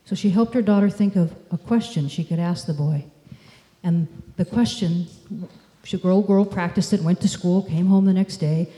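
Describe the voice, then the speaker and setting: A woman gives a measured, story-driven talk from a stage. Her voice is dark and mellow, and it carries through a reverberant hall. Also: on the low side. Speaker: speaker. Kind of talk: conference talk. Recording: echoey hall.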